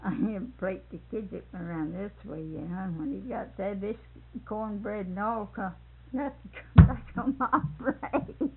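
Older woman, gravelly voice, slow unhurried storytelling, tinny old tape. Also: mid-range voice, a little hiss or hum. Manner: laughs often while telling stories. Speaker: storyteller recalling family life. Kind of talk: casual oral history.

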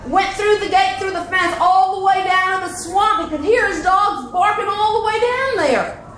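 A woman telling a folk tale at a festival, slow and dramatic with hushed suspense, recorded at a distance in an echoey, noisy space. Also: very high-pitched. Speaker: storyteller. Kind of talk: live folk storytelling. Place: festival stage.

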